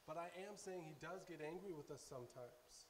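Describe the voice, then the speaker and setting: A man preaching in a casual, storytelling way, earnest and excitable, often laughing as he talks. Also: fairly high pitch, a little fast, background noise.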